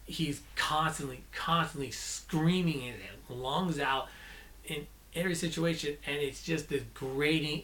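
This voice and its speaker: Exasperated man ranting about movies. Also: fairly bright tone. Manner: exasperated, rambling, restarts and self-corrections; mocking quotes in a shrill put-on voice. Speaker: movie vlogger. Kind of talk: casual ranting movie review.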